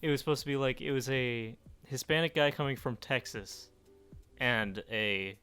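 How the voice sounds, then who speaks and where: A teenage boy co-hosting a podcast, chatting casually with quick joking interjections. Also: mid-range voice, a bit bright, smooth, faint music behind. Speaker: podcast co-host. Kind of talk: casual chat.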